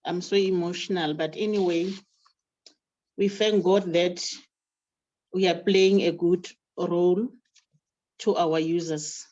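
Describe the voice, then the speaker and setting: A woman's voice: on the low side, steady tone, takes it slowly, pauses often, darkish tone, lo-fi sound. A woman chairperson at a library event, emotional, reciting a poem in rhythmic repeated phrases. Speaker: branch chairperson.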